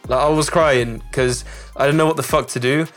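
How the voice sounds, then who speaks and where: A young man from the Czech Republic, telling a story in loose, swearing, animated casual chat on a podcast. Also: mid-range voice, a little fast, faint music behind. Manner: swearing, animated storyteller doing character voices.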